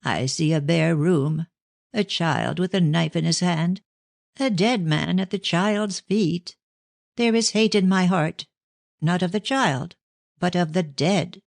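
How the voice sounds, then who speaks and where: Performing a theatrical middle-aged clairvoyant, a woman puts on a voice higher than her natural one, gushing over visitors before slowing to a solemn, grave hush in her trances. The sound is dry, close and echo-free, and the voice is creaky.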